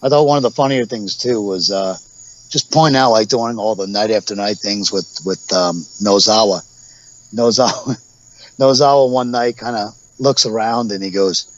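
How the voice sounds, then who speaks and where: A man's voice: on the low side, normal speed, dull audio, slight background noise. A man in his forties, a guest on a podcast interview, telling rambling stories and acting out what others said, with laughs along the way. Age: 40s. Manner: rambling storyteller, acts out quotes with laughs. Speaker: guest, professional wrestler.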